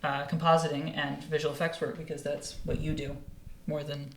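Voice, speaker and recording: A young man hosting a podcast, chatting casually and asking relaxed questions. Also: a little high, moderate pace, a little hiss or hum. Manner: relaxed, asks easygoing questions. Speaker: podcast host. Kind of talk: casual interview chat. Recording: echoey room.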